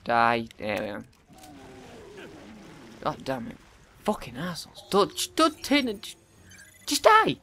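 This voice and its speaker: A man giving profane let's play commentary, often yelling at the game in frustration. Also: mid-range voice, wildly swooping pitch, unhurried, pauses often. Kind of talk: gameplay commentary.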